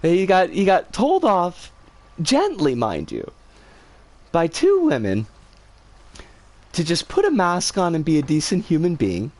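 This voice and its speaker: A woman streamer casually telling a story, animated and swearing freely. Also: on the low side, a little slow, pauses often.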